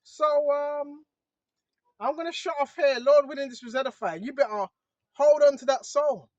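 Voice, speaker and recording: A man's voice: very high-pitched, moderate pace, a little mellow, dry recording, muffled recording. A man giving a casual religious monologue to his viewers, talking conversationally and often tossing in "bro" and "right?". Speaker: online preacher.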